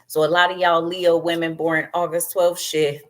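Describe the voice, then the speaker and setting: A woman's voice: fairly low pitch, flat delivery, moderate pace. A woman doing a tarot reading as a brash, profane, rambling rant, laughing as she goes. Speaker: tarot reader.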